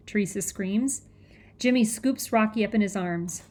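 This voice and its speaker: A woman's voice: mid-range voice, normal speed, darkish tone. A woman narrating a children's novel in the first person, with tense, breathless storytelling. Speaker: audiobook reader.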